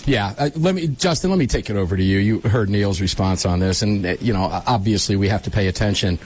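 A man hosting a panel discussion, jokey and quick to interject. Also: on the low side, husky. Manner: lively, jokey, interjects often. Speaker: host.

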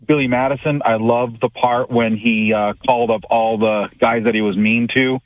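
Male caller, mid pitch, muffled phone line, dry. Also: steady tone, normal speed, no room sound. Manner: friendly, laughing, enthusiastic fan. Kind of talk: phone call to radio show.

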